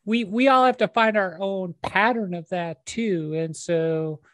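A woman's voice: mid-range voice, measured pace, no echo. Encouraging woman host, dry close sound. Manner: warm, encouraging, conversational with many fillers. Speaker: podcast host. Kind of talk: casual chat.

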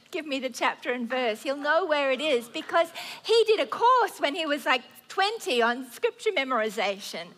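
This fifties-aged woman delivers a sermon in a high voice, earnest and lively, dramatizing prayers and worries out loud.

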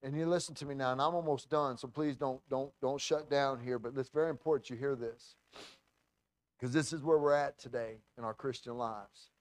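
A male pastor tells a story during a sermon at medium pitch and normal speed. His delivery is animated, full of restarts and acted-out quotes.

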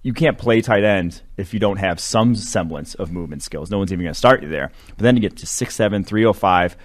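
A man's voice: sits low, brisk. A man co-hosting a sports podcast, breaking down draft prospects in loose, rambling talk with lots of fillers. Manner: rambling, filler-heavy analysis. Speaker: co-host. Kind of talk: casual sports podcast chat.

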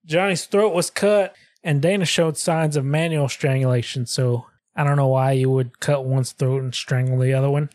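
A man's voice: mid-range voice, fairly even intonation, moderate pace, few pauses, darkish tone, no echo, studio quality. A young man co-hosting a casual podcast, recounting case details in a crude, laughing way. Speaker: podcast co-host.

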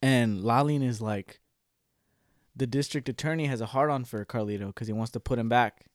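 A man's voice: medium pitch, dry recording, clean studio sound. A man in casual chat, animatedly retelling film scenes and acting out quotes. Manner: animated, quick to act out quotes and laugh.

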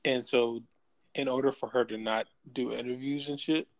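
Casual co-host, male, gravelly, rambling questions full of fillers. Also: mid-range voice, fairly even intonation, moderate pace, a little hiss or hum, poor audio. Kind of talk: casual chat.

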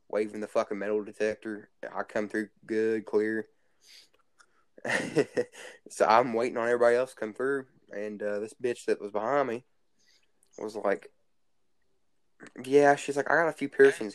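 A teenage boy spins crude, rambling stories and swears his way through a casual chat. His voice sits fairly low, and the sound is dry and close, with little room. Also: steady tone, normal speed, no echo. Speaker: guest storyteller.

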